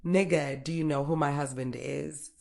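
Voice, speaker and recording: A woman's voice: deep voice, fairly even intonation, moderate pace, gravelly, darkish tone. A woman doing a tough, cursing street woman. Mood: defiant, stern. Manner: stern, profane, blustering. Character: tough, streetwise young woman, cursing, scared but defiant.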